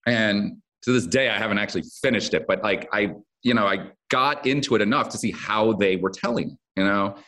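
A man's voice: on the low side, a little fast, bright, forceful tone. A man who writes a daytime drama, talking casually in an interview and rambling with lots of fillers and restarts. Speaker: soap opera head writer.

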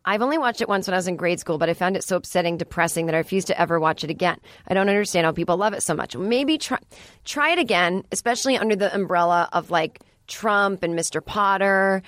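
A woman's voice: fairly low pitch, fast, fairly bright tone, no room sound. A woman hosting a podcast in a studio, chatting in a rambling way with sarcastic asides. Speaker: podcast host. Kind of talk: casual solo podcast chat. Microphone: studio microphone.

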